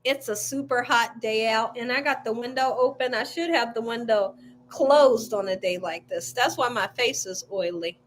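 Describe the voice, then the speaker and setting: A woman's voice: fairly high pitch, normal speed. A woman hosting a casual live cooking stream from home, chatting freely, laughing often and reacting to viewer comments. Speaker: cooking channel host. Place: at home, window open.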